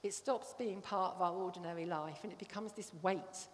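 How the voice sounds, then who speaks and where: A woman's voice: lowish voice, moderate pace, a little hiss or hum. A woman giving a conversational sermon to a congregation, often checking that they follow. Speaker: church speaker. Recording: long hall reverb.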